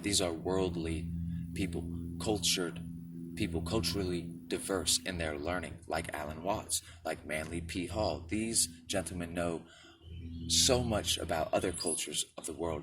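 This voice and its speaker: Speaking at a moderate pace with fairly even intonation, a spiritual video creator from Michigan, United States, talks casually to camera in a low voice. He keeps asking the listener "right?" and "okay?", picked up on a distant mic with background noise.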